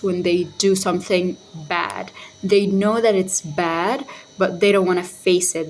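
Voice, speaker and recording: Woman, phone-camera vlog, slow and deliberate delivery, casual talking-head style. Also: medium pitch, a little mellow, slight background noise. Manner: unhurried and thoughtful, with sassy quoted voices. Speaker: vlogger on narcissism and recovery.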